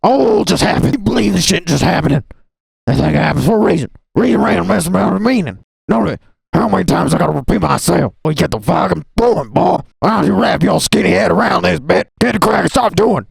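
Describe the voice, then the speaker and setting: A man's voice: high-pitched, expressive, brisk, vocal fry, pitched above the performer's own voice, heavily acted. A man voicing a crude young nihilist who rants aggressively, swearing and repeating himself. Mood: belligerent.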